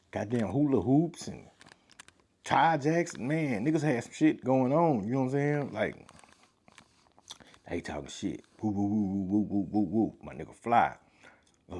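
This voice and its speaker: A man spinning a loose, profane tale in a medium-pitched voice. He leans on filler phrases and street slang, and gets louder and livelier as the story heats up. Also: slightly rough. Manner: animated, rising louder in tense moments. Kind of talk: casual personal storytelling.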